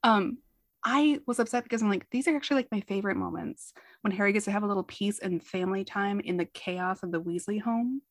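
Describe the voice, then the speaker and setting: A woman co-hosting a podcast in casual chat, animated and swearing, often acting out lines in quotes. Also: medium pitch, brisk, no echo. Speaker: podcast co-host.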